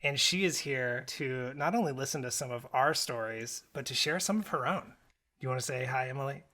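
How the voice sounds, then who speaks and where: A man's voice: mid-range voice, brisk, pushed and bright. Man, thirties, podcast co-host, joking, teasing, casual chat. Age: 30s. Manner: joking, teasing, chuckles often. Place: home studio blanket fort.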